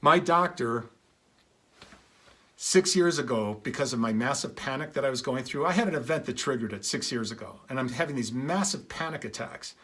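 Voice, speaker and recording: Earnest storytelling man, slightly high. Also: fairly bright tone. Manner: earnest, shifts pitch to act out quoted dialogue. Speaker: speaker. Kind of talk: motivational talk with storytelling.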